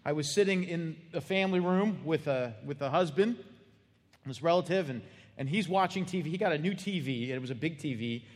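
A man's voice: fairly high pitch, a little fast, in a large hall. A man preaching a sermon as pastor, telling stories in a plain, earnest, conversational way.

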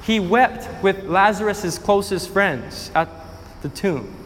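High-pitched male preacher, emphatic storyteller who repeats lines for effect, long hall reverb. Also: takes it slowly, fairly bright tone, slight background noise. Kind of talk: sermon.

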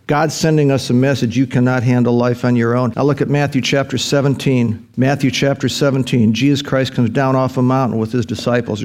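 A man's voice: mid-range voice, a little mellow. A male pastor delivering a sermon, reading scripture with folksy asides and bursts of rising emphasis.

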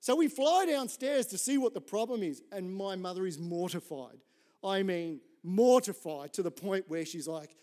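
A middle-aged man preaching a sermon in an animated, conversational way, telling a story and often checking in with "right?". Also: high-pitched, moderate pace. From Australia. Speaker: pastor.

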